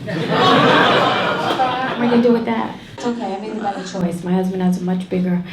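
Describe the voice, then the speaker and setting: A middle-aged woman working a stand-up set with deadpan, brash delivery and crude punchlines. Her voice carries through an echoey club room over loud noise from the crowd. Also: medium pitch, normal speed. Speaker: stand-up comedian. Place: comedy club stage.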